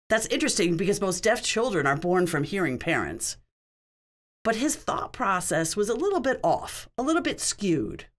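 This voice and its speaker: Woman interpreter with a lively, low voice. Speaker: sign language interpreter. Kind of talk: voicing a signed question-and-answer session.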